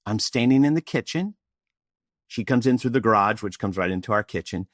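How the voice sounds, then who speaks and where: A man's voice: fairly low pitch, brisk, dry recording, clean studio sound. A middle-aged man from Austin, Texas, a presentation coach telling a story in an interview and acting out bits of dialogue. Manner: animated, acts out dialogue.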